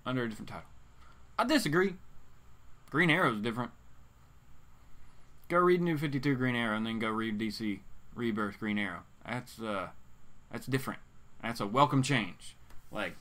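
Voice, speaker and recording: A man with a bright, forceful voice hosts a relaxed live stream about comics. He reads viewer comments aloud and answers them in a loose, rambling way, full of fillers and restarts. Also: medium pitch. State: hiccups. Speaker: host of a comics talk show.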